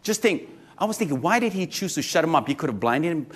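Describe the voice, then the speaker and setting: A man preaching a sermon to a congregation, lively and joking, often asking the crowd questions. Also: on the high side, fast talker, breathy edge. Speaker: pastor.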